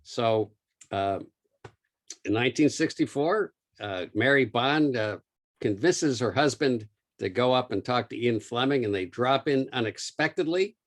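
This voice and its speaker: A man's voice: mid-range voice, animated, a little slow. A man giving an illustrated museum talk as author and lecturer, telling stories with frequent small fillers. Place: lecture room.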